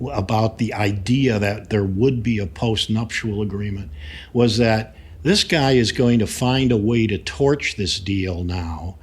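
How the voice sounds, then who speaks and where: A man, a lawyer being interviewed, recounting events in an emphatic, animated way with frequent restarts. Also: on the low side, husky.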